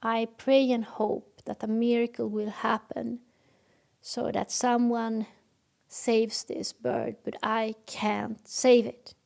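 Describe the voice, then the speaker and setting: A woman's voice: on the high side, flat delivery, takes it slowly, gravelly, darkish tone. A woman talking earnestly to camera in a reflective monologue, telling stories with acted examples and sometimes dropping to a whisper. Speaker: self-help video host.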